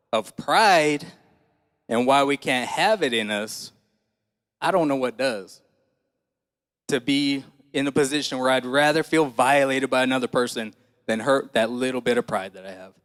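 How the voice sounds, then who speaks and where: A man preaching, folksy and conversational, turning to the congregation with questions. His voice is smooth and resonant, pitched in an ordinary middle range. The sound carries a long reverb from a church hall. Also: fairly bright tone. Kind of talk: sermon with personal story.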